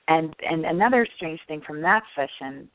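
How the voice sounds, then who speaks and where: A woman guest telling her own story in an interview, chatty and animated, full of "like" and "you know". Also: sits low, moderate pace, dry recording. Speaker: guest, past-life regression client. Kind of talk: personal storytelling in a phone interview. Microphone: telephone. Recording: tinny phone line.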